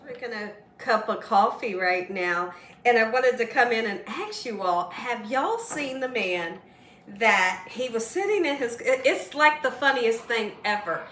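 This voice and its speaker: Bright, chatty woman cooking at home. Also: on the high side, a little slow, echoey room, a little hiss or hum. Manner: chatty and excitable, laughs while telling stories. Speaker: cooking channel host. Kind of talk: casual cooking demonstration. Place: home kitchen.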